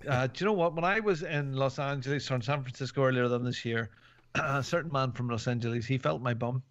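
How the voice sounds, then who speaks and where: A man's voice: medium pitch, quick pace. A man hosting a podcast in casual chat, rambling and jokey with lots of fillers. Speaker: podcast host. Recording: dull, dry podcast mic.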